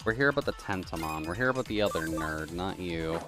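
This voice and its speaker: A man's voice: deep voice, expressive, fairly quick, music in the background. A man streaming a game live, muttering sarcastic commentary and swearing. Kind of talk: casual live gameplay commentary.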